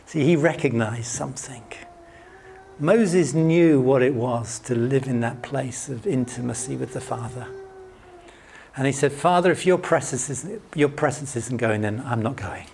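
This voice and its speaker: A middle-aged man preaching a sermon in an earnest way, lifting his voice when he acts out quotes and dropping to a soft hush. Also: measured pace, gravelly, a little hiss or hum. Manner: earnest, rises high acting out quotes, drops soft and hushed.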